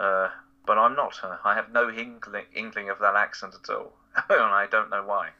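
A man from Essex talks casually in a low, very forceful and tense voice, rambling with fillers and little chuckles. The recording sounds a bit dull and lo-fi. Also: flat delivery, moderate pace, creaky. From Essex, outside London. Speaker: voice impressionist guest. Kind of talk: casual conversational interview.

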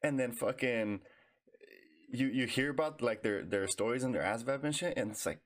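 A man's voice: mid-range voice, normal speed. A man, a fellow veteran, interviewing in a laid-back way, with slang and cursing. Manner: casual, profane, laid-back questioning. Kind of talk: casual interview.

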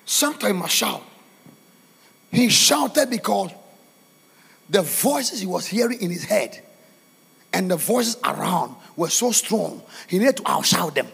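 A man preaching a fiery sermon in a church, shouting and chanting in a sing-song cadence. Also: sits high, very animated, unhurried, creaky, pauses often, slightly rough. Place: church hall. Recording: echoey church hall.

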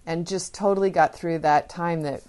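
A woman's voice: fairly low pitch, steady tone, moderate pace, a little mellow. A woman parenting educator chatting casually, retelling stories with fillers. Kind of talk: casual storytelling talk.

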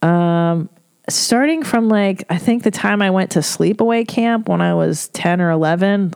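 A woman's voice: medium pitch, takes it slowly, darkish tone, clean tone, dry recording, clean studio sound. A middle-aged woman hosting a podcast, giving candid advice on listener letters in a frank, emotional, freely swearing way.

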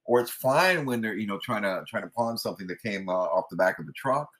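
Male podcast host, lowish voice; blunt, rambling, sarcastic political monologue. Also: expressive, brisk, a bit bright. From West Coast of the US.

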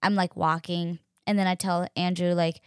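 A woman's voice: on the low side, normal speed, clear, resonant tone, no echo. Chatty young woman, dry close sound. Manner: animated, chatty, fills speech with "like", acts out quotes. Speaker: podcast host. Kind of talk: casual storytelling.

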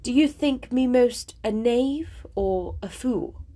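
Woman reading as Willoughby, husky urgent gentleman. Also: a little high, slow, voice pushed up. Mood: forced cheer. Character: impassioned young gentleman suitor. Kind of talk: storybook reading.

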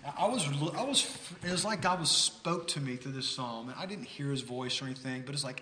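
A man from the United States preaching a sermon, telling a story in a conversational, animated way with frequent restarts. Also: mid-range voice, brisk, few pauses, slight background noise. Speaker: pastor. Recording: roomy hall with long reverb.

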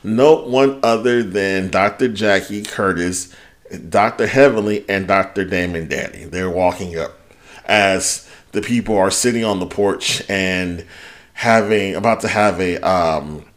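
A man's voice: sits low, measured pace. A man co-hosting a podcast, recapping reality TV in casual chat, swearing freely and laughing often. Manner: profane, animated, laughs often. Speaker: podcast co-host.

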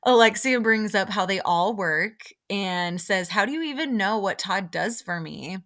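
A woman's voice: medium pitch, a little slow. A young woman hosting a podcast, giving a casual, opinionated recap of a reality show and quoting people along the way. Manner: chatty and opinionated, many fillers, quotes people in lively put-on voices. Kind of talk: casual chat.

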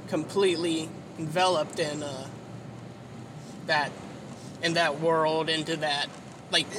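A tired, sleepy man rambling in a casual monologue, swearing often and full of fillers while he drives. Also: a little high. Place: inside a car while driving. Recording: road and engine noise in a car. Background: vehicle noise.

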